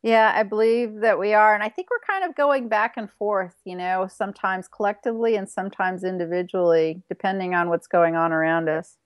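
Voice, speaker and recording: A measured, agreeable woman guest on a spiritual interview, speaking at a mid pitch. Her voice sounds dry and close with no room echo, and she often murmurs agreement. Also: clear, resonant tone. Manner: measured, agreeable, frequent affirmations. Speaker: guest healer. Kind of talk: interview conversation.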